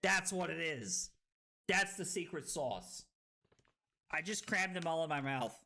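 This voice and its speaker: A tipsy man streaming a card game, talking slowly at times, then bursting into loud whoops and giggles. His voice is bright and sharp, and his pitch swings widely. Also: creaky. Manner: excitable, loud outbursts and giggly laughter. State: tipsy from drinking. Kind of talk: live stream gameplay commentary.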